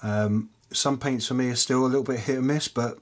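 A man hosting a casual miniature-painting tutorial, rambling with lots of fillers and muttering softly to himself as he paints, chewing peanuts as he talks. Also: mid-range voice, steady tone, a little fast. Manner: rambling, chatty, many fillers; chewing peanuts while talking. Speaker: miniature painting hobby channel host.

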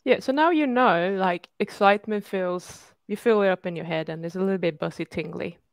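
A woman's voice: fairly low pitch, brisk, no echo, clean studio sound. A woman coaching a client over a video call, asking probing, encouraging questions. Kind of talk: live online coaching session.

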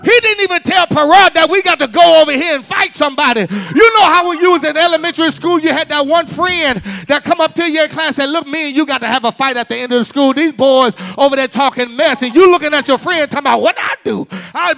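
A man's voice: very high-pitched, fast talker, vocal fry, hardly any pauses, pushed and bright. A male pastor delivering a fervent sermon to a church congregation. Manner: fervent preaching, addressing the congregation directly. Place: church service.

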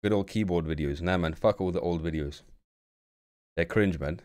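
A man's voice: deep voice, normal speed, a little mellow. A male streamer chatting casually on a live stream, joking and offhand, mumbling asides.

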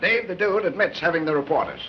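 A man playing an indignant city official giving brisk commands, on a dull 1930s film soundtrack with hiss. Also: fairly high pitch, natural voice. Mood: blustering. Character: indignant blustering city mayor.

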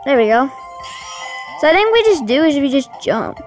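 A woman doing let's-play commentary, excitable and easily frustrated, talking to her viewers as she plays. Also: high voice, moderate pace, faint music behind, poor audio. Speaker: gaming channel host.

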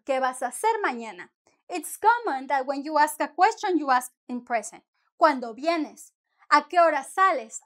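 A woman teaching a casual language lesson, explaining slowly and giving many examples. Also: sits high, fairly bright tone. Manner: explains slowly, switching between examples and English. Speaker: Spanish teacher.

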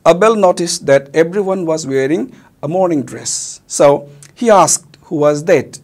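A man's voice: a little high, animated, unhurried, darkish tone. A male teacher with a Manipuri accent, a native Meitei speaker, explaining a play in a recorded lesson, mixing Meitei and English and glossing words.

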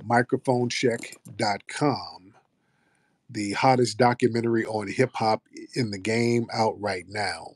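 Hosting a live audio space, this brash, profane American man banters with callers. His voice is fairly low and steady, he speaks slowly, and there's no room sound.

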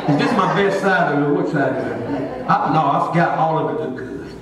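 A man preaching a sermon as pastor, an animated storyteller who laughs often as he talks. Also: a little high, moderate pace, crowd noise. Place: church hall. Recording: echoey hall, distant mic, congregation audible.

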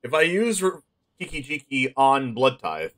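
Male streamer, bright tone, muttered live play-by-play of a card game with excitable outbursts. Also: mid-range voice, a little slow. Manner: thinks aloud, muttering plays, with sudden excited outbursts. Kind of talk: live gameplay commentary.

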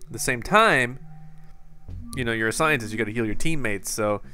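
A young man doing excited gameplay commentary, panicking and yelling in bursts, then settling into calm, chatty talk. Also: medium pitch, moderate pace, faint music behind. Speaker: gaming YouTuber.

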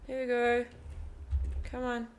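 A woman playing a video game and commenting casually, tender and emotional, cooing at a bear and swearing softly under her breath. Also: a little high, monotone, slow. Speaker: gaming video host. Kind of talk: casual let's play commentary.

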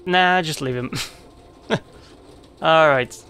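Gameplay commentary, joking asides, bright tone. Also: medium pitch, takes it slowly, smooth. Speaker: let's play commentator.

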